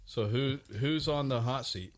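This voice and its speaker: A man's voice: mid-range voice, unhurried. A man in casual podcast chat, eager and chatty.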